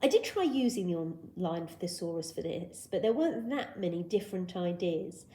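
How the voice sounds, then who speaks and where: A woman's voice: fairly low pitch, normal speed. A woman teaching a recorded lesson for young children, encouraging and patient, who acts out voices to show each word. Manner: expressive, acts out shouting, whispering and gasping to show words. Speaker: primary school teacher.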